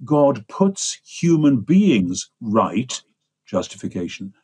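A man's voice: mid-range voice, very animated, slow pace, darkish tone, husky. An older man with an English accent, explaining ideas at length in a discursive, lecturing way as an interview guest. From England. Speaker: guest theologian.

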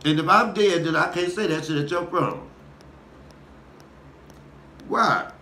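A man, a comedian vlogger, doing a profane, animated casual rant for his viewers. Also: on the high side, measured pace. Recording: echoey room with faint noise.

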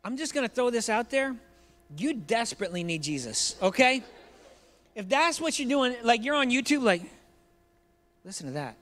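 A man's voice: extremely high pitch, expressive, normal speed, fairly bright tone. A man preaching a sermon in a church, joking and conversational, addressing the congregation directly. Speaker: pastor.

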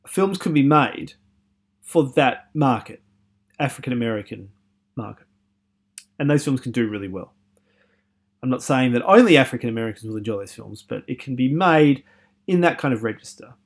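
A man's voice: medium pitch, animated, moderate pace, long pauses, slightly rough. A man giving a university film lecture, chatty and opinionated, with many fillers, putting questions to his students.

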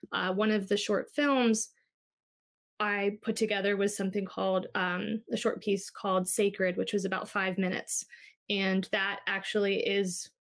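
A woman's voice: medium pitch, fairly bright tone. A woman filmmaker in her thirties talking reflectively about her work, with some fillers. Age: 30s. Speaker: filmmaker guest. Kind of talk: casual panel chat.

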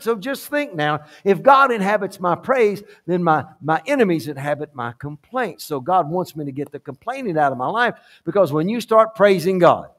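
A man preaching in a church sanctuary with a fairly high voice for a man. He leans on repeated phrases and swings between hushed asides and loud, emphatic peaks. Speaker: pastor. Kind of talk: sermon.

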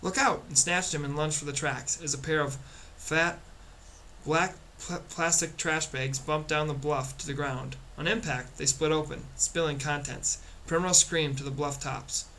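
A man narrating a storybook chapter in a steady, plain reading voice. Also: a little high, unhurried, a little hiss or hum. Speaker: audiobook reader.

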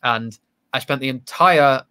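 A man's voice: medium pitch, measured pace, sharp tone, clear, resonant tone. A man, a stage actor, chatting casually in an interview, self-deprecating and full of restarts. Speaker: actor guest.

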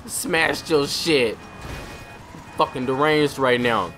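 A man giving casual commentary over his video game playthrough, profane and excitable, full of trash talk. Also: medium pitch, slow, soft background music. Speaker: gaming channel host.

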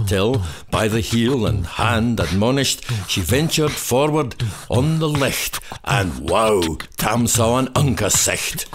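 Guy doing a slow dramatic poem reading, voice rises and falls a lot, noisy recording. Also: on the low side. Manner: slow, theatrical storytelling delivery. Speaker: poetry reciter. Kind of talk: dramatic poetry recitation. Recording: steady background noise.

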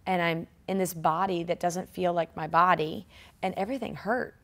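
Animated woman telling a story. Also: fairly low pitch, normal speed. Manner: animated, laughing, acts out quotes. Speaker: triathlete guest. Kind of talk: casual storytelling interview.

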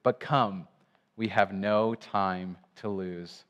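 A man voicing a wise, gentle male lion who speaks calmly and gravely, during a sermon reading. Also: low voice, takes it slowly, big-room sound.

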